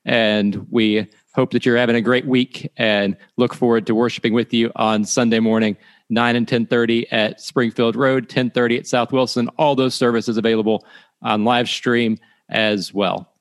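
A man's voice: medium pitch, steady tone, moderate pace. Man, podcast host, casual and friendly sign-off delivery. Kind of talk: casual chat.

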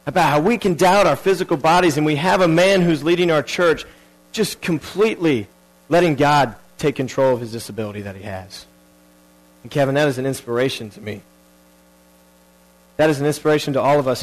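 A man's voice: a little high, rough recording. A man preaching a sermon earnestly, repeating key phrases and restarting his sentences.

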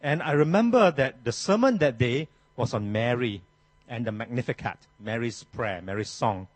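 A man preaching a sermon as pastor, emphatic and animated, with frequent restarts. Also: mid-range voice, moderate pace, no room sound.

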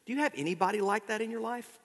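A male pastor delivering an expository sermon in a slightly higher voice, dropping to soft asides and rising into pointed exhortation. His words ring out with a long reverb from a large hall. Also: rapid-fire. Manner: expository preaching, swings from quiet asides to emphatic exhortation.

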